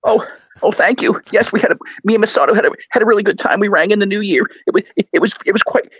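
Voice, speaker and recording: A fretful, whiny assistant voiced by a man who trips over his words and keeps repeating himself. The voice sits high and husky and rushes along. It sounds muffled and lo-fi, as if from a phone line. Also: fairly bright tone, dry recording. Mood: frantic, worried. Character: frantic stammering male assistant, fretful and whiny. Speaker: caller.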